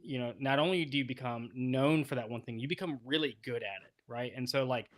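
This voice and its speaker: A man's voice: medium pitch, brisk. A man speaking as a guest on a casual interview show, talking loosely with many restarts. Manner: rambling, full of fillers and restarts.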